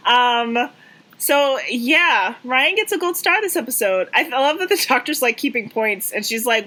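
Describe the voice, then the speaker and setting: A woman co-hosting a podcast in casual chat, lively and giggly. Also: fairly high pitch, normal speed. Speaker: podcast co-host.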